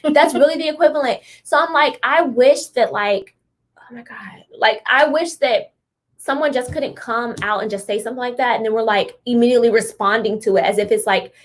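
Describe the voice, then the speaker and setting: A woman's voice: fairly high pitch, a little fast. A young woman co-hosting a podcast, talking in a blunt, emphatic, slangy way. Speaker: podcast co-host. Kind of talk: casual chat.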